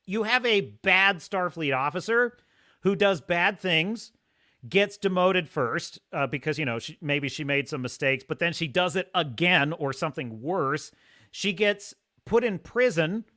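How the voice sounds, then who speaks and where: A man hosting a live stream, reading viewer comments and ranting in an animated, laughing way. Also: fairly high pitch, unhurried. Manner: animated, ranting, laughs often, mocks pronunciations. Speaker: host.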